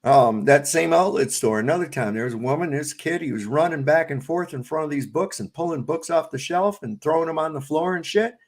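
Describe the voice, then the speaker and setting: A man's voice: on the high side, fairly quick, few pauses. A middle-aged man co-hosting a casual podcast, telling stories in a blunt, profane, ranting way. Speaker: podcast co-host. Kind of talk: casual profane storytelling chat.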